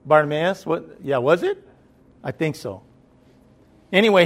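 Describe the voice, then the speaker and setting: Man, sermon, slightly high voice, conversational, builds to emphatic preaching, checks in with the listeners. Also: sing-song, a little slow, long pauses, slightly rough. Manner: asks the listeners if they are listening.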